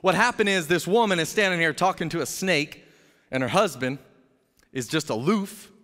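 A man preaching a sermon as pastor, telling a story in an energetic, jokey way and acting out the characters' voices. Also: fairly high pitch, normal speed. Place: church sanctuary. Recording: long hall reverb.

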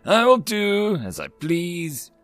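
A man's voice: medium pitch, animated, normal speed, no echo. A man voicing Bora, a hostile alien giant. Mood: angry. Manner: curt, formal and commanding, yelling at times. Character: giant beaked alien ex-soldier, male, gruff and hostile.

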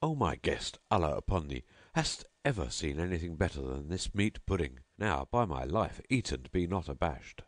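A man's voice: sits low, sing-song, moderate pace, hardly any pauses, no room sound. A man voicing a lavish, mocking nobleman host who presses his guest with grand, insistent hospitality. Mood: grandly insistent.

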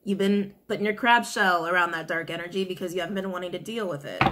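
A woman's voice: lowish voice, fast, fairly bright tone. A woman giving a casual, chatty tarot reading to viewers, often repeating her questions to the cards. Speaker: tarot reader.

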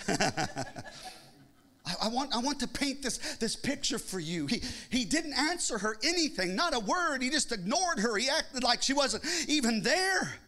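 A male pastor preaching a sermon with a Midwestern American accent, rising from calm teaching to fervent shouted, sing-song cadences. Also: sits high, unhurried, pauses often.

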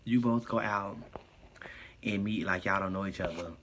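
A man live streaming casual chat, reading viewer comments aloud and answering them in a sassy, profane, animated way. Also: on the low side, moderate pace, a little hiss or hum.

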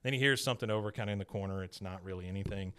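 A man hosting a podcast, giving a casual, animated scene-by-scene recap of an episode. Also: low voice, racing, clear, resonant tone. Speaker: podcast host.

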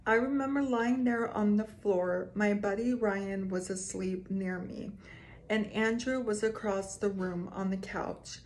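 A woman casually reading scary stories aloud to her viewers, stopping for quick reactions between passages. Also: medium pitch, fairly even intonation, a little mellow. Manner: slow, reads aloud with asides and reactions. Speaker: storyteller reading creepy stories.

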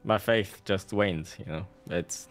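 A man's voice: low voice, slow, soft background music. A man streaming a game, giving casual, sarcastic commentary with a salty edge.

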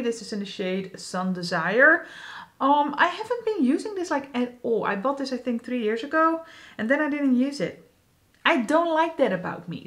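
Beauty vlogger, female, casual rambling delivery, a touch high in pitch. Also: a bit bright. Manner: chatty, rambling, many fillers. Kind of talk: casual makeup chat.

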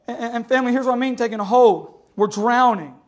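A man's voice: very high voice, steady tone, quick pace, a little mellow. A man preaching a sermon with passion, often calling out to the congregation for an amen. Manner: impassioned preaching, calls for amens. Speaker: pastor.

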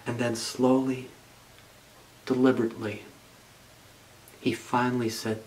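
Male pastor, story time in a sermon, unhurried and expressive. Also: mid-range voice, a little hiss or hum, low-quality recording. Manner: expressive read-aloud storytelling.

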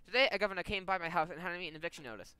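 A man's voice: high-pitched, racing, sharp tone, clear, resonant tone, voice pushed up. A man voicing a determined young mother who pleads her case earnestly in a game story.

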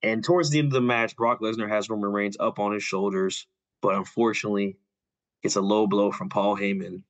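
A young man casually retelling a story on a podcast, loose and filler-heavy, dropping quick quoted lines as he goes. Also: on the low side, fairly even intonation. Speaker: podcast co-host. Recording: dull lo-fi audio.

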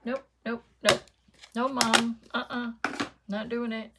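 A woman voicing her stubborn female dog, who whines and flatly refuses to go to the vet. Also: fairly high pitch, takes it slowly, very noisy. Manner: whiny, defiant refusals.

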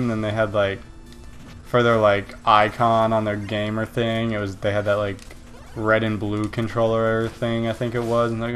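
A fairly low-pitched man talks a little fast as he casually commentates his own gameplay, faint music in the background. He ridicules other gamers and, being excitable, yelps and swears at each failure.

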